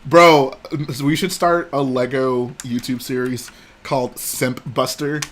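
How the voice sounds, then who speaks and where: A young man in casual livestream chat, playful and joking, with quick asides. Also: medium pitch, a bit bright. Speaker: livestream co-host.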